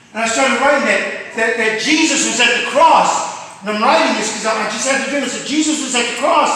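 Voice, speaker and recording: A man preaching a sermon, swinging from loud, shouted peaks to quiet asides. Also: very high-pitched. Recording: echoey hall from far off, faint noise.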